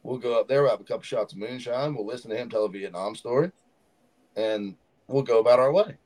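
A man telling animated stories as a podcast guest in a studio. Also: medium pitch, fairly quick, rough recording. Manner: animated storyteller, acts out quotes. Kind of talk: casual storytelling.

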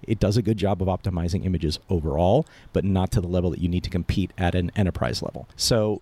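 A man speaking as a guest expert on a podcast, explaining quickly and animatedly, often tagging on "right?". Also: lowish voice, dry recording. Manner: fast, animated explaining with frequent "right?" tags. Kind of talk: casual podcast talk.

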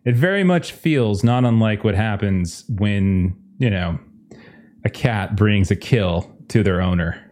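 A man's voice: on the low side, measured pace, a little mellow. A man narrating a tabletop horror game as game master, in a casual, chuckling way with many fillers.

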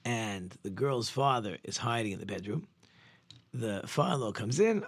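A man, a rabbi, telling a parable in a sermon and acting out the characters' lines with lively shifts. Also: medium pitch, moderate pace, breathy edge, no echo. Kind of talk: sermon storytelling.

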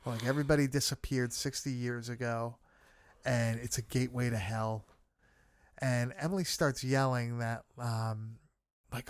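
A man's voice: medium pitch, steady tone, unhurried, no echo, clean studio sound. A man in casual chat, recapping a film with friends, swearing freely and laughing often. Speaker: podcast co-host recapping a film.

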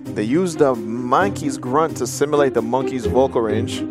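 A man's voice: medium pitch, moderate pace, loud music behind the voice. A young man co-hosting a casual reaction chat, laid-back, jokey and profane. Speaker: co-host.

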